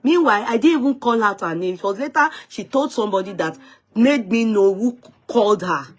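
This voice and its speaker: A woman's voice: mid-range voice, animated, fairly quick. Woman host of a live online talk show, emphatic and indignant, repeats points, mid-range voice. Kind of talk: live-stream talk show, recounting a dispute.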